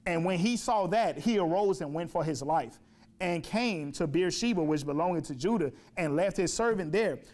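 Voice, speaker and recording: A man's voice: fairly high pitch, animated, normal speed, a little mellow. A man preaching a sermon in a church, emphatic, repeating phrases and asking rhetorical questions. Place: church sanctuary.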